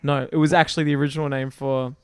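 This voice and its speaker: A man's voice: mid-range voice, level tone, fast, smooth, no echo, studio quality. A man co-hosting a podcast in casual, jokey chat who laughs often and riffs on bits. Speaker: podcast co-host.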